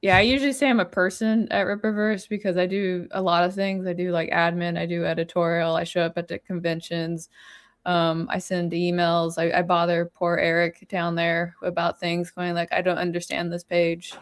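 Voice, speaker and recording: A woman guest on a stream panel with a lower-pitched voice. She chats casually and rambles, filling her talk with "like" and "yeah." The recording is dry and close. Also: little pitch movement, moderate pace, smooth, no echo. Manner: chatty, filler-heavy, says "like" and "yeah" a lot. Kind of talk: casual chat.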